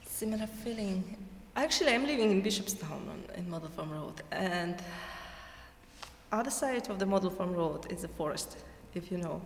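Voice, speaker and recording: A woman's voice: on the low side, expressive, moderate pace. Hesitant woman with a Russian accent. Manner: hesitant, searching for words, laughs often. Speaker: interviewee. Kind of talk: casual interview answers. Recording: echoey hall, faint background noise.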